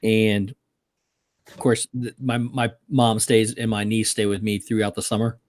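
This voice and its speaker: Man co-host, low-ish voice, dry home mic, rambling casual storyteller on a late-night stream. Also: flat delivery, measured pace, a little mellow, no echo. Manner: rambling, laughs while telling stories. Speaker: podcast co-host.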